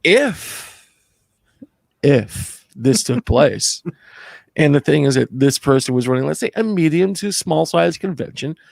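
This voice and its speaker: A man's voice: a little high, moderate pace, gravelly, few pauses, darkish tone, dry recording. A young man co-hosting a casual chat, often repeating his words in stammering restarts and sounding mock-indignant. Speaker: co-host.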